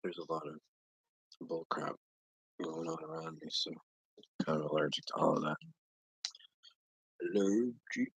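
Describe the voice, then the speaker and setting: An American man chatting casually on a live stream, rambling and joking with long pauses. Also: monotone, fairly bright tone, no echo. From United States. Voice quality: slow, low, gravelly voice. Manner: rambling, jokey, drawn-out phrasing with long pauses. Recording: dull, lo-fi, dry stream audio.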